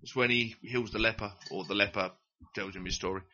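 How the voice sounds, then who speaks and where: A man's voice: on the low side, fairly even intonation, a little fast, bright, forceful tone, muffled recording. A man hosting a casual podcast movie quiz, counting down and reading film quotes in put-on accents. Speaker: quiz host.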